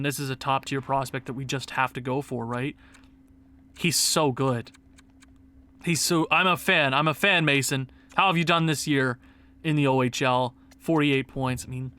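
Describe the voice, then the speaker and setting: A young man commentating his own video game play, excitable and quick to yell and laugh at the screen. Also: fairly high pitch. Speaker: gaming YouTuber.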